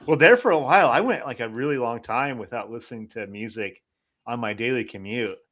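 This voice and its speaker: A man's voice: medium pitch, a little fast, a bit bright. A man co-hosting a podcast in casual chat, rambling and heavy on "like", with offhand swearing. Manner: loose, peppered with "like", swears casually. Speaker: podcast co-host.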